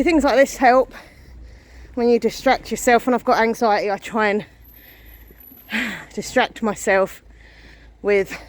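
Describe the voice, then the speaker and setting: A woman's voice: mid-range voice, slight background noise. A woman in her thirties filming a casual vlog while walking down a street, out of breath and anxious. She sounds chatty and self-deprecating, with frequent sighs. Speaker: vlogger. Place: outdoors on a residential street, walking.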